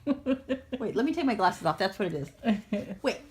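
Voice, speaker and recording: A woman's voice: medium pitch, very animated, quick pace, slightly rough. A mother in a home video, coaxing her baby with playful, laughing baby talk and fake sneezes.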